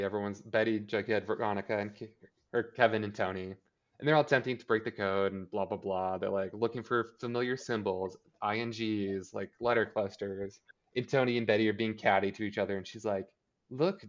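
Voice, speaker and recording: A man casually recapping a TV episode on a podcast, chatty and sarcastic, quickly acting out the characters' lines. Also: lowish voice, highs cut off. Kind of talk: casual chat.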